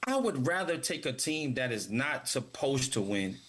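A man's voice: mid-range voice, big pitch swings, normal speed, fairly bright tone, husky. A man co-hosting a casual sports talk show, speaking emphatically and often repeating words as he starts his points.

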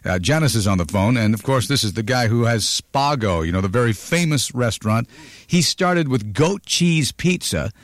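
A man's voice: medium pitch, lively intonation, moderate pace, no room sound. A man hosting a radio countdown show, chatting playfully with callers and teasing them.

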